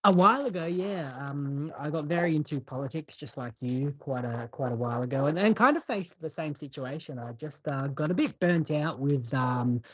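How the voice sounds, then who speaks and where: Man, online chat guest, measured thoughtful talk, mid-pitched, dry close sound. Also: fairly bright tone, dry recording, poor audio. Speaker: participant in audio chat. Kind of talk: casual chat.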